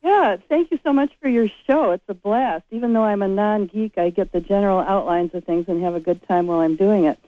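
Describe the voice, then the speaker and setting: A woman's voice: mid-range voice, fairly quick, few pauses, no echo. A woman calling in to a radio show to ask a question, polite and earnest. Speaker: caller. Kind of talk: phone-in question. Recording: tinny phone line.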